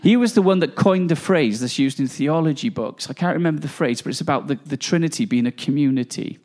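A man preaches in an exuberant, charismatic way. His voice sits high for a man, and he is emphatic and often laughs between his points. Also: lively intonation, quick pace, darkish tone. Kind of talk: charismatic sermon.

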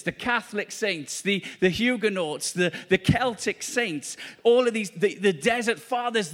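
A man with a high voice preaches a charismatic sermon at a church meeting. He is fervent and repetitive, exclaiming to the congregation.

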